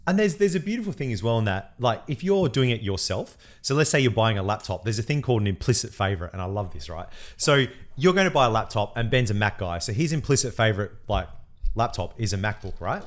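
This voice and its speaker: A man co-hosting a podcast, telling stories in a lively, casual way and swearing freely. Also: lowish voice, quick pace. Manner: animated storyteller, swears casually. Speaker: podcast co-host.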